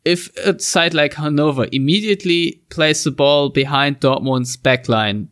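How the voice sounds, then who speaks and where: A man's voice: fairly high pitch, a little slow, fairly bright tone, no room sound, studio quality. A man hosting a football podcast, asking long, carefully built questions of his guest. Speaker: podcast host. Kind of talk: casual podcast discussion.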